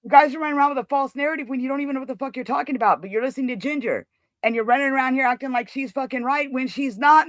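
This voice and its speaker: A woman's voice: sits high, very fast, no echo. A woman hosting a livestream, talking bluntly and defensively, swearing often in heated casual chat. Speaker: livestream host.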